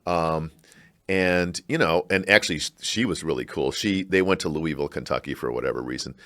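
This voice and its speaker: A middle-aged man from Chicago, a scholar talking in a podcast interview, reflective and halting with animated bursts. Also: a bass voice. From Chicago, United States. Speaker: guest, scholar and university provost.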